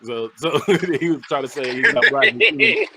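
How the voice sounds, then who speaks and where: A man on a podcast, casually recapping a movie plot in an animated way and acting out the characters' lines with bursts of laughter. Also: on the high side, unhurried, vocal fry, a crowd in the background. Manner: animated retelling, acts out characters, laughs often. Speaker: podcast host.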